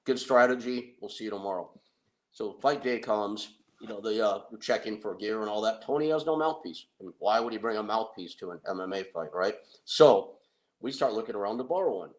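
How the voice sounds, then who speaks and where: A middle-aged man who manages fighters, telling an anecdote in an animated, self-deprecating way and laughing often. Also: lowish voice, a little fast. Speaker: wrestling and MMA manager. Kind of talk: anecdotal storytelling.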